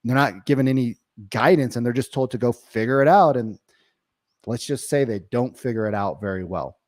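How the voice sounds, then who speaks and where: Guy coaching real estate agents on cold calls, mid pitch, punchy, keeps going "right?", dry close sound. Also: brisk, darkish tone, no room sound. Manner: emphatic, keeps checking in with "right?". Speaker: real estate sales trainer. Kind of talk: coaching monologue.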